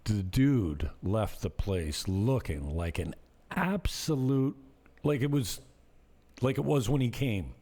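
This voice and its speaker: A man's voice: lowish voice, animated, takes it slowly, dark tone. A man vlogging casually to camera, rambling through stories about renting out his property and laughing now and then. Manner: rambling, conversational, laughs while telling stories.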